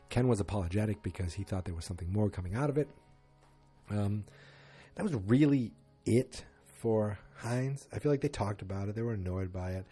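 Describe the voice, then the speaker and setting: Male podcast host, lowish voice, rambling casual recap delivery. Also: warm tone, slightly rough. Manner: rambling, loose and chatty with frequent restarts. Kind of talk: casual solo episode recap.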